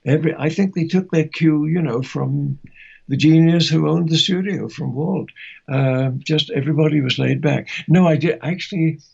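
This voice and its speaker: Older man with a gravelly, husky voice. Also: a little high, lo-fi sound. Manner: gentle, halting, many restarts. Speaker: guest, voice actor. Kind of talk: interview reminiscence.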